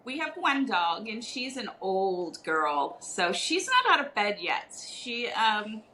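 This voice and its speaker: Woman, guest potter, casual chat, bright crisp voice, hesitant ums, faint room noise. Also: mid-range voice, big pitch swings, slow, poor audio. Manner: warm, hesitant with many ums.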